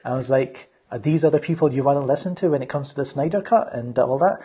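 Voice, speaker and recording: Husky-voiced man chatting loosely. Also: medium pitch, fast, warm tone. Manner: rambling, with many fillers and restarts. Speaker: channel host. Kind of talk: casual podcast chat.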